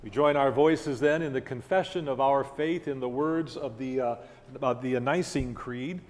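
A man leading worship, reading scripture and liturgy aloud in a slow, measured way in a church. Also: mid-range voice, soft background music. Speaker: worship leader. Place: church sanctuary. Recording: reverberant church hall.

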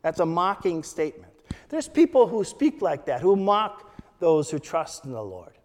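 A man preaching a sermon, slow and measured, reading scripture quotes with emphasis. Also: a little high, big pitch swings, a little mellow, in a large hall.

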